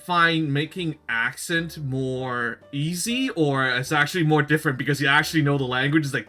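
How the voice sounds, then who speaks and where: A man's voice: on the high side, moderate pace, few pauses, pushed and bright, faint music behind. A man hosting a casual chat show in English, which is not his first language, laughing often between words. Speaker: show host.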